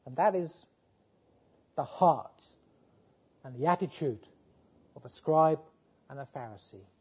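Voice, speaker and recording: A man preaching a sermon, pleading with his listeners and swinging from fervent appeals to low, quiet passages. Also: lively intonation, takes it slowly, slightly rough, dull audio.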